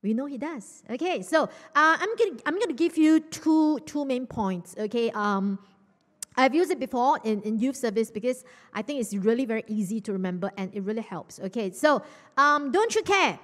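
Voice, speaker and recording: A woman pastor talks to her congregation in a chatty, questioning way. Her fairly high voice leaps up and down with lively energy. A long church-hall reverb trails after her words. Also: moderate pace. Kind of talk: lively sermon with audience interaction.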